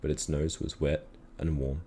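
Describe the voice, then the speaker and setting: A man calmly reading a children's story aloud in a measured storytelling manner. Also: very deep voice, a little hiss or hum. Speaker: reader.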